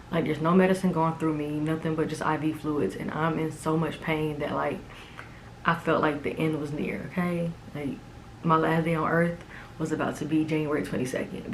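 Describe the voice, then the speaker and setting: A woman's voice: sits low, slight background noise, poor audio. A woman in her twenties telling a personal story to camera in a casual, emphatic way. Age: 20s. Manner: casual and emphatic, with many "like"s and "okay?". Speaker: vlogger.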